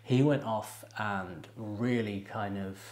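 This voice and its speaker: A man with a lowish voice hosts a music reaction video and talks loosely, laughing often and circling back with ums and restarts. His voice carries the echo of a bare room. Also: slow pace, darkish tone. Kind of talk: casual reaction commentary.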